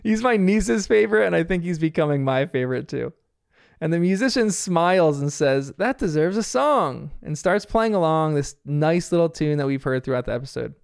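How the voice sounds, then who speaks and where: A man's voice: a little high, a little fast, vocal fry, darkish tone, clean tone, dry recording, clean studio sound. A man casually recapping a cartoon episode scene by scene, chatty and often laughing. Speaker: TV episode reviewer.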